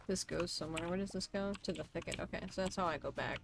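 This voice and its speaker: A woman streamer casually commenting on her gameplay in soft, muttered asides. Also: fairly low pitch, fast talker, gravelly, background noise.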